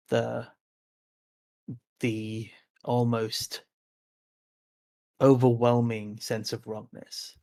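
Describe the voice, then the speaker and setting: Male game master, flat even delivery, filler-heavy descriptive narration. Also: medium pitch. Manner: descriptive, hesitant, with frequent fillers.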